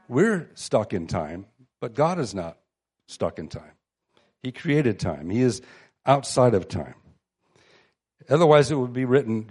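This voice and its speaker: A man preaching a sermon to a seated audience, reading scripture aloud and talking it over in a conversational way with restarts and pauses. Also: mid-range voice, warm tone.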